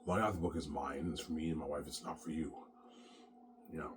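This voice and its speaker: A man's voice: very deep voice, steady tone, quick pace, noisy background. A man talking in a rambling monologue, stammering over repeated words and swearing often. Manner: repetitive, stammering, profane.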